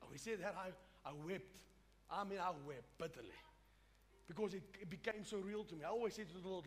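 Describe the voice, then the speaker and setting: A man's voice: high voice, brisk. A man preaching a sermon, emphatic and repetitive, often restarting his phrases. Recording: reverberant hall with faint music.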